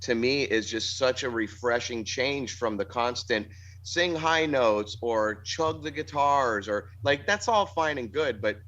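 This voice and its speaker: A man's voice: medium pitch, animated, unhurried, fairly bright tone. A man, a band's singer, talking about his songs in a casual interview, thoughtful and rambling with restarts. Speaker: band singer. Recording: dull lo-fi sound.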